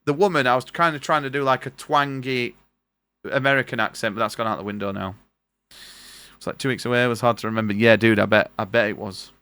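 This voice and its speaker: A man's voice: medium pitch, quick pace, sharp tone, smooth, no echo. A young man streaming a game, chatting casually and reading its dialogue aloud in his own voice over a noisy recording. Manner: chatty, reads on-screen text in his own voice.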